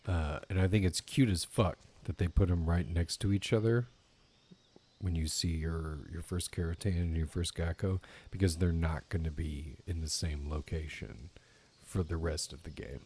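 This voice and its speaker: A man's voice: low voice, steady tone, moderate pace, darkish tone, slight background noise. A man giving casual let's play commentary while gaming, rambling and swearing casually. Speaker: gaming YouTuber.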